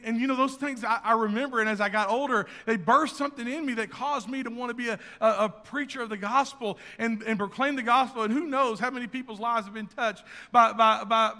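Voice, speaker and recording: A man's voice: very high-pitched, sharp tone. A middle-aged man preaching a sermon, telling earnest family stories and building to fervent exhortation. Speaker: pastor. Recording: long hall reverb.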